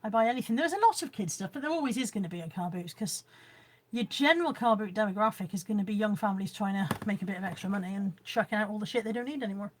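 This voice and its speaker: A woman's voice: medium pitch, lively intonation, quick pace, slight background noise. A woman chatting casually on a live stream at home, showing her haul and reading out viewer comments. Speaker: vlogger. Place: room at home.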